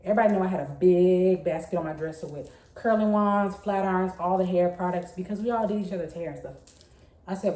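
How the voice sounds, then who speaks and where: A woman's voice: fairly low pitch, quick pace. Chatty woman telling a story, echoey room. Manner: chatty, animated storytelling with laughs and slang. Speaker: vlogger. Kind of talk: casual storytime.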